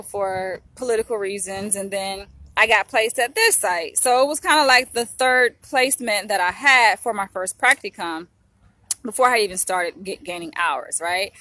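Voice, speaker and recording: A young woman talks straight into her own camera in a loose, chatty vlog. Her voice is bright and clear, and she speaks with open emotion, often calling out to her viewers as she tells her story. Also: mid-range voice, moderate pace, dry recording. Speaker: vlogger, psychology trainee. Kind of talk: casual chat to camera.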